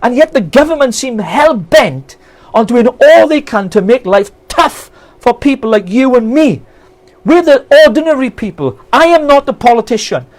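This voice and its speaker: A man's voice: very high voice, sing-song, normal speed. A Welsh man, a political campaigner, ranting with passion and indignation on a live stream, firing off rhetorical questions. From Wales. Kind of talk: impassioned live-stream rant.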